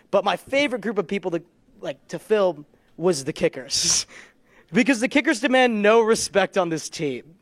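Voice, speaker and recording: A young man on stage doing stand-up, his voice sitting notably high for a man. He rambles through self-deprecating stories, chuckling at his own lines. The sound is dry and close, with little room echo. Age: young adult. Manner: rambling, self-deprecating storytelling with frequent laughs. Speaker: stand-up comedian. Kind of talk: stand-up comedy set. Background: audience laughter.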